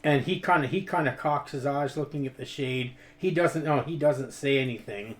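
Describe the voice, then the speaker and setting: Measured man narrating his game character. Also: mid-range voice, a little hiss or hum. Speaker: tabletop game player. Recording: echoey room with faint ambience.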